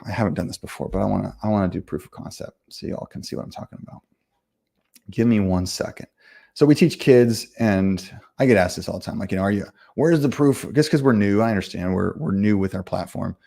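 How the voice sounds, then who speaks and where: A man hosting a livestream chat who talks quickly, stacking fillers and restarts. His voice sits low, gravelly and a bit husky. He comes across as blunt and self-assured. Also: mellow. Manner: fast, rambling, full of fillers and restarts. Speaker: livestream host and game company owner. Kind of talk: casual livestream chat answering comments.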